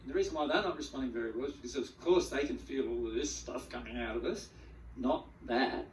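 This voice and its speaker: A man giving a spiritual teaching talk to a group, animated, acting out the feelings he describes and often repeating words as he goes. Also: mid-range voice, fast talker, a little hiss or hum. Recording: echoey room, mic at a distance.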